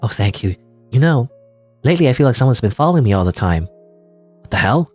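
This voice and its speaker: A man's voice: medium pitch, very animated, fast talker, a little mellow, soft background music. A man voicing a frightened young female student who is usually tough, talking in a hesitant, worried way.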